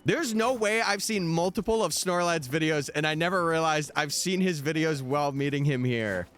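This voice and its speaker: A man's voice: a little high, moderate pace, fairly bright tone. A young man streaming live, chatting casually and answering his viewers' messages over faint background music. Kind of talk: casual livestream chat.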